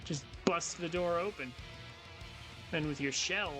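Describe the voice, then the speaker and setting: A man's voice: on the high side, unhurried. Playful man commenting on gameplay. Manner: playful, joking asides. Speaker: let's play host. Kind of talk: casual gameplay commentary, reading dialogue aloud. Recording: game music playing behind.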